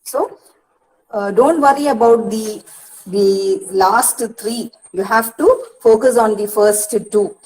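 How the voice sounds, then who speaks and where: A woman's voice: on the high side, slow, a little mellow, poor audio. A woman with an Indian English accent, a university counsellor, giving an online lecture and explaining step by step with frequent "see" and "uh".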